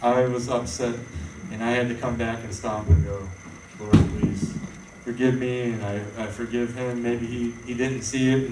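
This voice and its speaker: A man's voice: mid-range voice, background noise. A man preaching an informal sermon, rambling and conversational with many fillers and restarts. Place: church hall. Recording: echoey room, voice from far off.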